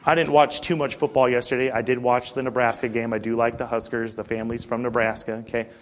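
A man preaching a sermon, animated, swinging between quiet and loud delivery. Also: mid-range voice, fast, slight background noise.

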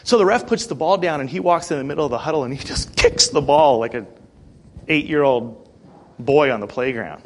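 A man preaching a sermon, animated, swinging between quiet and loud delivery. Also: on the high side, fairly quick, a little hiss or hum.

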